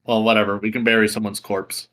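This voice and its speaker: A man's voice: lowish voice, level tone, quick pace, fairly bright tone. A man playing in a tabletop game over a voice call, laid-back and casual. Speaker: player.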